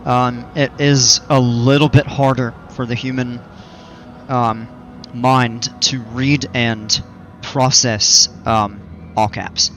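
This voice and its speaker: A man's voice: mid-range voice, fairly even intonation, takes it slowly, a bit bright. Chatty man streaming a game. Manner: rambling, chatty, explains at length. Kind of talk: casual livestream chat while playing.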